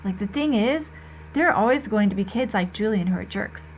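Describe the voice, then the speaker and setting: A woman teacher reading a novel aloud to her students, expressive and conversational, talking to the class directly. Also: medium pitch, fairly quick, a little hiss or hum.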